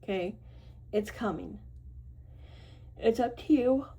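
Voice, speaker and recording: A woman with a mellow, slightly husky voice talks her viewers through a tarot reading. Her talk is loose and chatty, with fillers and self-corrections, and she keeps checking in with "right?" and "okay?". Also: a little high, slow pace, low-quality recording. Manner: reassuring, repeats "right?" and "okay?". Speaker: tarot reader. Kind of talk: casual tarot reading to camera.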